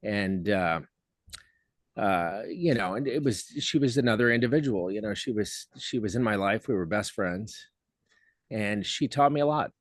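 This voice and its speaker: A man, a guest on the show, speaking in a halting, reflective way with many fillers, over a video call. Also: lowish voice, expressive, no echo, clean studio sound. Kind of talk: heartfelt casual conversation.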